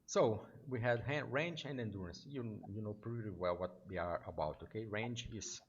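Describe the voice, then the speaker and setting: Husky Brazilian man teaching English. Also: lowish voice, normal speed, highs cut off. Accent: Brazilian Portuguese. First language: Portuguese. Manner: patient, checks in with "okay?" often. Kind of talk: one-on-one online lesson.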